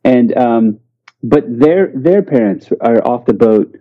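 A man from the United States, a podcast guest, talking casually and haltingly, often repeating words. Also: mid-range voice, expressive, phone-quality sound. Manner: halting, repeats words while searching for them. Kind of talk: casual interview chat.

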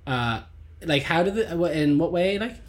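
A man's voice: a little high, moderate pace. Laughing, chatty man. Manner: animated storyteller who laughs often. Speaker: podcast host. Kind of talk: casual chat. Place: small city flat.

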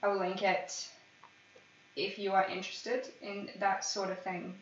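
A woman's voice: medium pitch, little pitch movement, a little slow, a little hiss or hum. A woman hosting a casual true-crime podcast, chatty and often stumbling over names. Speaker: podcast host. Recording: echoey room, far from mic, dull lo-fi sound.

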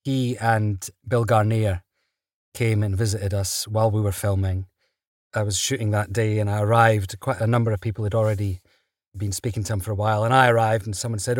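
A man, an actor guest, telling stories in a relaxed interview, chatty and quick to laugh. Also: fairly low pitch, dry recording, clean studio sound. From Britain. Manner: chatty, laughs often, restarts mid-sentence.

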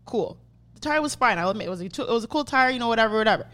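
A woman's voice: on the high side, rapid-fire. A young adult woman, a podcast host telling a story in casual, profane chat and acting out what people said. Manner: profane, animated, acts out quotes.

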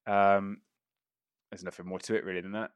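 A man's voice: low-pitched, level tone, moderate pace, clean tone. A man narrating a tabletop game as game master, casual and sweary, laughing often.

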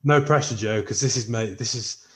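A man hosting a podcast, briskly running a game segment with jokes. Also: fairly low pitch, a bit bright. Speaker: podcast host. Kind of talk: casual podcast chat.

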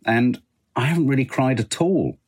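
A middle-aged British man co-hosts a podcast, musing thoughtfully through casual chat with plenty of fillers. His voice sits at medium pitch and normal speed, with a darkish, slightly rough tone.

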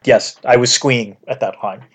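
A man co-hosting a podcast in casual chat, agreeable and animated, saying yeah a lot. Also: mid-range voice, a little slow. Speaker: podcast co-host.

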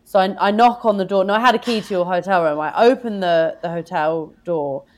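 A woman in casual chat, telling a funny story with quick asides. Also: lowish voice. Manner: lively anecdote telling with brief reactions.

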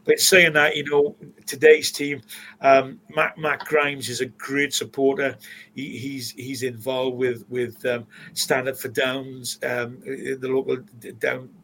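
Welsh man, 60s, stadium announcer, animated storyteller, mid pitch, faint background noise. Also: slow, rough recording. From Swansea, Wales. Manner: animated anecdotes, acts out quotes, frequent restarts. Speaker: interview guest, stadium announcer. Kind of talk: casual storytelling interview.

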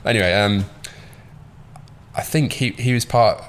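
Man thinking out loud, low voice. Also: measured pace. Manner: thinks out loud, swears casually. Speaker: podcast host. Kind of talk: casual interview chat.

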